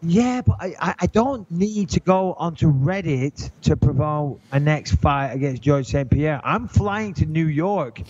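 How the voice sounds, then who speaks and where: A man co-hosting a podcast, telling an animated, indignant story in casual chat. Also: on the high side, measured pace, few pauses. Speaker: podcast co-host. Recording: dull lo-fi podcast audio.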